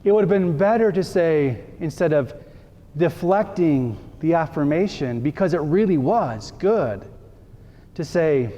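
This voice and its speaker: A man's voice: fairly high pitch, lively intonation, measured pace, dark tone. A male priest giving a conversational sermon, acting out short everyday dialogues for his congregation. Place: church. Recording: reverberant church hall.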